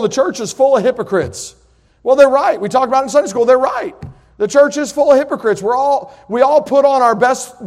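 A middle-aged man, preaching a sermon with folksy stories that build to loud, emphatic points. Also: sits high. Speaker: pastor. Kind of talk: sermon with personal story.

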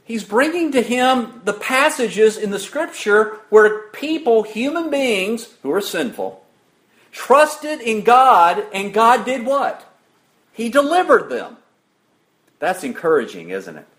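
A man preaching a sermon in a high, lively voice that climbs and falls sharply. He talks slowly, putting questions to the congregation and answering them himself. He reads scripture aloud with rising emphasis.

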